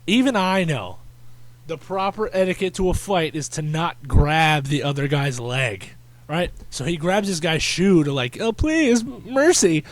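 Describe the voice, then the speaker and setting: A man's voice: on the high side, a little slow, dry recording. A man hosting a podcast, telling rambling stories in casual chat with crude slang. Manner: rambling storyteller, fillers and restarts, crude slang. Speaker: podcast host.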